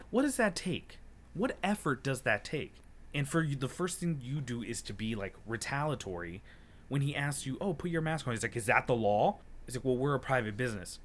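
A man's voice: mid-range voice, a bit bright. Fired-up young man ranting on a podcast. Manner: heated, profane storytelling, acting out his own retorts. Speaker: podcast co-host. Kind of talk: casual podcast chat.

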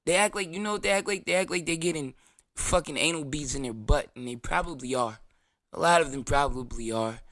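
A man's voice: a little high, brisk, fairly bright tone, no room sound, clean studio sound. A man with a New York accent hosting his own show, delivering a brash, profane, defiant rant and mocking his critics in whiny voices. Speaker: show host. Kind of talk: ranting monologue.

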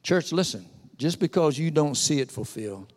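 Animated preacher man in a reverberant hall. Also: on the high side, moderate pace. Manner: storytelling preacher acting out characters, animated. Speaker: pastor. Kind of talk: sermon. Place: church sanctuary.

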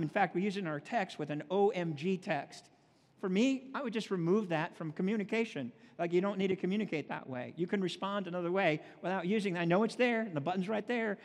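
A man with a high voice preaches in a church sanctuary, and a long reverb hangs after his words. He reads scripture in a slow, measured way. Between verses he speaks plainly, with homely asides for the congregation. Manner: reads scripture slowly, then talks plainly with folksy asides. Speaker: pastor. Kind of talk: sermon. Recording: long reverb of a large hall.

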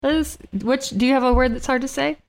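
A woman's voice: high-pitched, steady tone, quick pace, gravelly. A woman hosting a casual movie podcast, playful and giggly.

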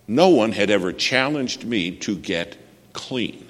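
A man with a very low, deep voice delivers an earnest storytelling sermon, turning often to question his listeners. His voice rings with a long reverb, as if recorded in a large hall. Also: lively intonation, slow pace. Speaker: preacher.

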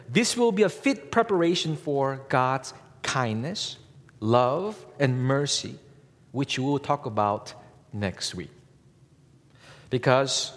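A man preaching a sermon as a pastor, speaking in a slow, measured way and lifting his voice on key words. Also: mid-range voice. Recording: long reverb from a large hall.

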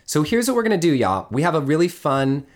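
A woman's voice: sits low, very animated, fairly quick. A woman leading an emotional healing workshop in a casual, conversational way, acting out everyday small-talk replies as she explains. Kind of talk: teaching a live workshop session. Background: guitar music playing.

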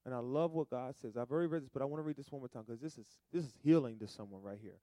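A man preaching a sermon in a call-and-response style, moving between soft asides and loud, stretched-out emphasis. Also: mid-range voice, racing, no echo, studio quality.

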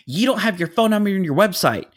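A man mimicking a furious woman wedding planner who berates and screams, in a shrill voice. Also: animated, quick pace, natural voice. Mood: accusing.

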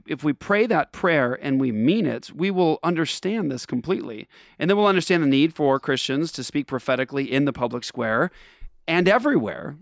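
A man's voice: mid-range voice, creaky, no room sound. Earnest preacherly man on a dry mic. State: tired from travel. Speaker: radio show host. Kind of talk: casual faith talk.

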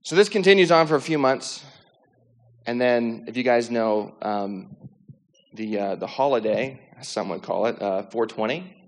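A man's voice: mid-range voice, lively intonation, normal speed. A young man sharing his personal faith testimony in a casual, rambling storytelling way, full of fillers, restarts and acted-out inner thoughts.

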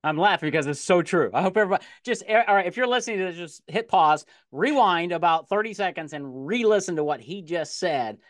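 A middle-aged man hosting a sales podcast interview in a casual, excitable way, often repeating words as he gets going. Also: high voice, fast talker, few pauses, dry recording, studio quality. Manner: animated, laughs easily, repeats words when excited. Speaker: podcast host.

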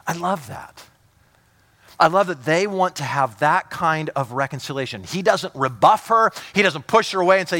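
A pastor preaching, a man with a slightly high voice. He presses his points hard, then drops to a near hush to draw listeners close. He doubles back on words as he gets worked up. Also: animated, fairly quick. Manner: emphatic, swinging from loud urgency to hushed intimacy; repeats words and restarts when fired up. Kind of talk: sermon.

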